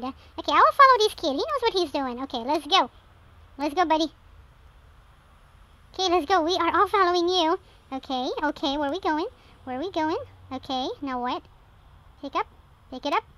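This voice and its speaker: A woman giving excited let's-play commentary on a game, with frequent gasps and shrieks. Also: very high-pitched, no room sound. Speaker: gameplay commentator.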